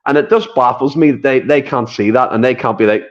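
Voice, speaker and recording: A man's voice: mid-range voice, a little fast, dull audio. A Scottish man co-hosting a football podcast, talking earnestly and building on his co-host's points. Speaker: podcast co-host. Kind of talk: casual football chat.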